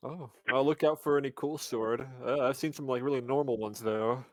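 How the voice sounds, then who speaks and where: A man's voice: medium pitch, steady tone, moderate pace, no echo. A man playing a tabletop character in a playful, joking way, laughing often. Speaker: player.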